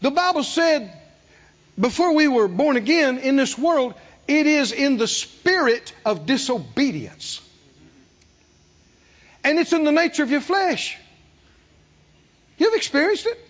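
High-pitched, animated male preacher. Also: unhurried, pauses often, highs cut off. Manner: animated preaching with call-and-response questions to the congregation; acts out quoted voices with big swings in pitch and loudness. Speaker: pastor. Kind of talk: sermon.

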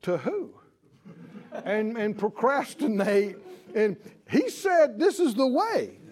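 In a very high-pitched voice and at a slow pace, a man delivers a sermon with emphasis and animation, drawing out key phrases and building to exclamations.

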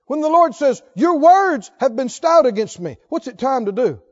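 A man preaching a sermon as pastor, reading scripture and rising to shouted exhortations to the congregation. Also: very high voice, big pitch swings, moderate pace. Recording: dull lo-fi sermon recording.

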